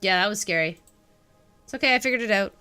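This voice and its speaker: Bright excitable woman streamer. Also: medium pitch, fast talker, clear, resonant tone, faint music behind. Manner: jokey and excitable, talking to chat. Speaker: game streamer. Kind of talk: casual live gameplay commentary.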